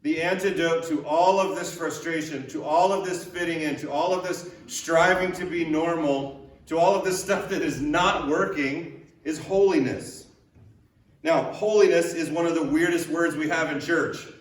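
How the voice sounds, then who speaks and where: A male pastor gives a sermon conversationally, repeating rhetorical questions and joking lightly. His voice is on the high side at normal speed, picked up from a distance in an echoey room.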